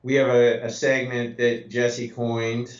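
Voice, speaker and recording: A man co-hosting a casual fantasy football podcast, talking in a relaxed, conversational way. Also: medium pitch, slow pace. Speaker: podcast co-host. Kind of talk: casual sports chat. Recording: echoey, dull lo-fi sound.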